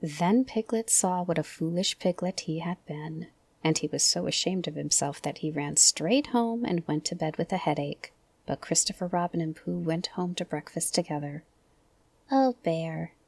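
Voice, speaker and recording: A woman reading a children's storybook aloud in a gentle, soft bedtime voice, often close to a whisper. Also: low voice, normal speed, gravelly, husky, no room sound. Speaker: audiobook reader.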